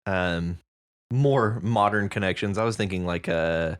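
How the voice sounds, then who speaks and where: A woman's voice: extremely low pitch, unhurried. A woman co-hosting a podcast, chatting casually and jokingly about a story, playing with words. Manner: animated, joking, playful with words. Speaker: podcast co-host.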